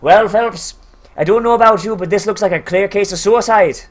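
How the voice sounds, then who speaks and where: A man's voice: high voice, moderate pace, close to an everyday voice. A man voicing a crude, brutish middle-aged Irish police captain in a put-on Irish accent, boisterous and gleefully crude. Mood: mocking. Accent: mock Irish.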